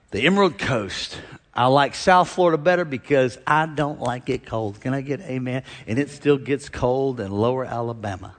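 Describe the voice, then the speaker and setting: A middle-aged male pastor preaching a sermon to a congregation, an animated preacher who swings between loud exhortation and quiet storytelling. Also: mid-range voice. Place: large church hall with a congregation. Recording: long hall reverb.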